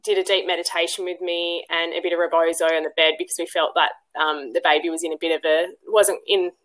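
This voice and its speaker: A woman's voice: on the low side, flat delivery, fast, a bit bright, rough recording. Chatty woman telling a story. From Western Australia. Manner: chatty, full of ums and restarts; acts out quoted dialogue in a livelier voice. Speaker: podcast guest. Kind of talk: casual storytelling in an interview.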